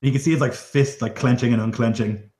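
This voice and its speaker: A man's voice: mid-range voice, fairly even intonation, brisk, dark tone. A man narrating as game master of a tabletop game, in a casual, filler-heavy way. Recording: echoey room.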